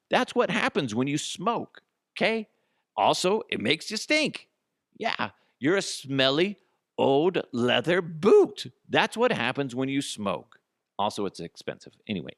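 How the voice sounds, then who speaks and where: Animated, profane man hosting a comedy podcast. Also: medium pitch, dry recording, clean studio sound. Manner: animated, profane, acts out both sides of a dialogue. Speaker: podcast host. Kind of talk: solo comedy podcast rant.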